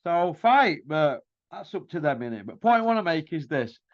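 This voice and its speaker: A man hosting his own boxing talk show delivers a mocking, combative rant packed with rhetorical questions. His voice sits a little high for a man. The recording is dry and somewhat dull and lo-fi. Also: very animated, normal speed, no room sound. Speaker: boxing commentary host. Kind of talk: ranting opinion monologue.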